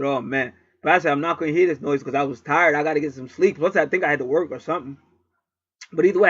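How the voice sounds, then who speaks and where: A channel host sits at home telling a rambling, profane story in a casual monologue, swearing freely and repeating himself. His voice is fairly high and bright with a breathy edge, and the audio is dull, with no room sound.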